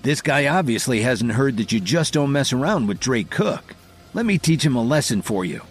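A man's voice: medium pitch, big pitch swings, moderate pace, husky, soft background music. A man voicing a spiteful, boastful young man. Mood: scheming.

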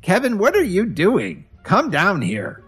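A man's voice: on the high side, huge pitch swings, normal speed, breathy edge, pitched above the performer's own voice, heavily acted. A man voicing a domineering, scornful middle-aged mother who nags and talks down to people. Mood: insistent. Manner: nagging, contemptuous, loud.

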